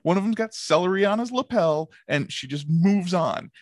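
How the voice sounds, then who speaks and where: A man's voice: high voice, lively intonation, normal speed, no room sound, studio quality. A man hosting a casual book club podcast, talking enthusiastically and laughing often. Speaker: podcast host.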